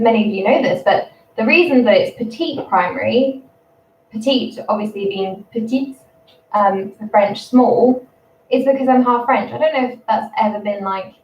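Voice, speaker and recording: A woman's voice: fairly high pitch, lo-fi sound. Chatty English woman, distant roomy sound. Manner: chatty, rambling, quick to laugh. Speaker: primary school teacher. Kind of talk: casual livestream chat.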